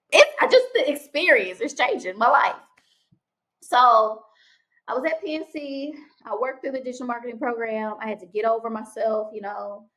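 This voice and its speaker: A young woman vlogging casually, telling a story with lively quoted dialogue and many restarts. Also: medium pitch.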